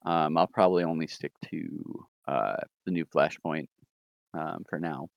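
Smooth deep-voiced man, casual podcast chat. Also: a little slow, dry recording, dull audio. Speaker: podcast co-host reviewing new comics.

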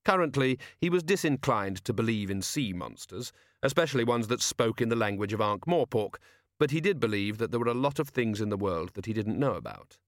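A man narrating an audiobook in an even, measured reading. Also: lowish voice, no echo, clean studio sound. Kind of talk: scripted narration.

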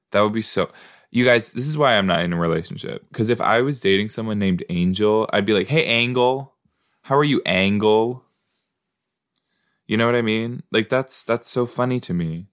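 A man hosting a podcast, giving casual, playful reaction commentary while watching a show and laughing easily. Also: lowish voice. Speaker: podcast host.

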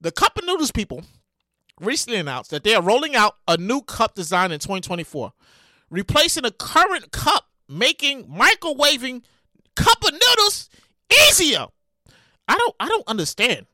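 A high-voiced woman riffs through the headlines of her comedy podcast, exasperated and animated. Her pitch leaps all over the place, and her tone is bright and cutting. The sound is close and dry. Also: moderate pace, no echo. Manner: loud, exasperated and animated, with profanity and repeated phrases. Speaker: podcast host. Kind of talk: comedic news commentary.

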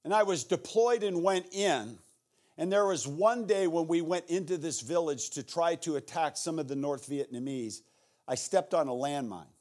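A man's voice: fairly high pitch, moderate pace, a little mellow, close to an everyday voice. A man preaching, quoting a tearful older male war veteran as he earnestly confesses his story. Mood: solemn.

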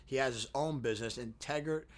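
A man's voice: medium pitch, fairly quick. A man with a Long Island New York accent, co-hosting a podcast in chatty, earnest casual talk, sometimes stumbling over words. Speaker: podcast co-host.

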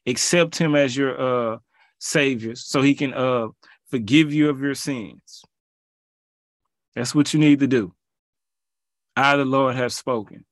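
Reading scripture and preaching in a medium-pitched voice, a man pleads with his audience, builds to emphatic peaks, and drops in casual, colloquial asides. He talks slowly with long pauses, and the studio sound is clean and echo-free.

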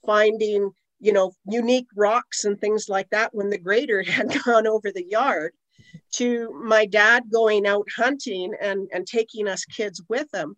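Guesting on an interview podcast, a middle-aged aromatherapist from Canada rambles conversationally through long stories, sprinkling in many "you know" asides. Her voice is mid-range, a bit bright, steady, and unhurried, with no echo but rough recording quality.

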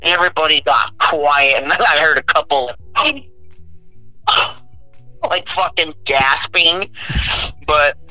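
Bright-voiced, profane young man venting. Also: on the high side, takes it slowly, pauses often, faint music behind, low-quality recording. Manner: profane, blunt, animated storytelling. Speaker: welder. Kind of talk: casual chat, storytelling.

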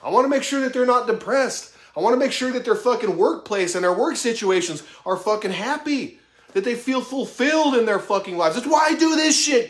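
Blunt, swearing man in his thirties. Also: sits high. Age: 30s. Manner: blunt, heavy swearing, emphatic, self-revealing. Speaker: motivational vlogger. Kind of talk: profane motivational monologue to camera. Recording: echoey room.

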